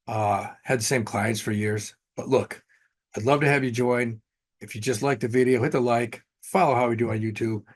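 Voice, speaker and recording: Man, sports betting host, blunt casual delivery with fillers, mid-range pitch. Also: steady tone, normal speed. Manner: blunt, offhand, with frequent fillers. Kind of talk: casual betting picks monologue.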